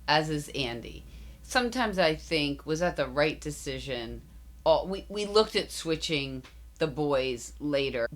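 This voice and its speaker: Very low-voiced woman telling family stories. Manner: candid storytelling, acts out quoted dialogue. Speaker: podcast guest. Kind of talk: casual interview chat.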